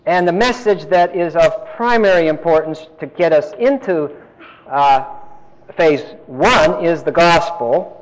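A man's voice: a little high, lively intonation, a little slow, in a large hall, low-quality recording. A man giving an emphatic Bible-teaching lecture, putting questions to his listeners as he explains. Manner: emphatic, asks the class questions.

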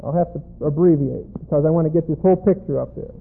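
A man giving a Bible lesson at a board, talking deliberately and spelling out letters as he writes. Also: fairly high pitch, gravelly, breathy edge, narrow, tinny audio. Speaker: Bible teacher.

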